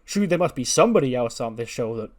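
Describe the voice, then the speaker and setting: A man's voice: medium pitch, big pitch swings, rapid-fire, darkish tone. A man voicing a hopeful male wrestler suggesting help.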